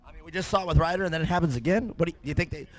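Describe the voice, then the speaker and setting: A man announcing and interviewing at an outdoor off-road race, excitable and joking on a handheld microphone. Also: very fast. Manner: excitable, joking, high-energy. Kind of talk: live trackside commentary and interviews. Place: outdoor racetrack podium.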